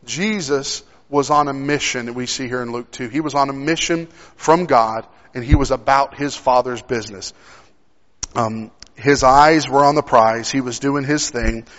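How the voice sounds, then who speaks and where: A man's voice: mid-range voice, moderate pace, few pauses, fairly bright tone. A young man preaching a sermon, telling a personal story in a conversational way with frequent restarts. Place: church sanctuary. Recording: dull sound with long hall reverb.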